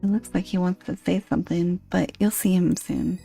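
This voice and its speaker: A woman reading a dating game's text aloud, with dry, deadpan asides. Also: on the low side, normal speed, creaky, slightly rough, faint music behind.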